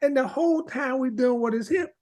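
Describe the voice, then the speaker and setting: On a podcast he co-hosts, a man tells a story in casual conversation, animatedly acting out the voices of the people in it. His voice is extremely high and a little fast.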